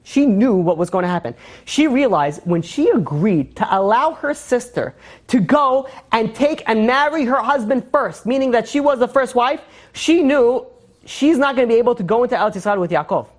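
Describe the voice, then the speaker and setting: A woman's voice: on the high side, animated, moderate pace. A woman with a Brooklyn Jewish accent teaching an informal Torah class, conversational and full of restarts and fillers.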